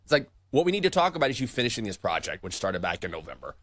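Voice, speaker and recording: A man with a lowish voice talks at a racing clip, with no room sound behind him. He's co-hosting a sports betting show, spinning stories in casual chat as an animated storyteller who acts out the voices he quotes.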